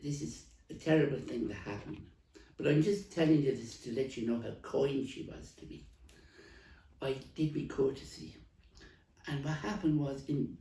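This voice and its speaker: Male actor as a gabby old Dublin stall lady, smoker's rasp, dark tone, distant roomy mic. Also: fairly high pitch. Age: older. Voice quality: gravelly, coughing heavy smoker. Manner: rambling, stumbling storyteller with many restarts. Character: elderly Dublin woman market stall trader, chatty, rambling. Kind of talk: comic character monologue.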